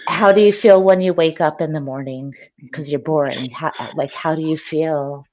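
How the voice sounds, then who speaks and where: A woman's voice: low-pitched, moderate pace, darkish tone, no room sound. Teasing woman hosting a lo-fi voice chat. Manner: teasing, swearing, laughs often. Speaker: livestream host. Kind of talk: casual voice-chat banter. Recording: dull lo-fi voice chat.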